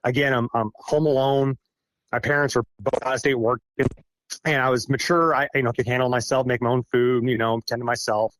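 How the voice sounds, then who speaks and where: A young man from Iowa, a forestry contractor, recounts his experiences as a podcast guest in a halting, rambling way with frequent restarts and chuckles. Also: medium pitch, fairly even intonation, a bit bright, no room sound. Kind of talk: casual storytelling interview.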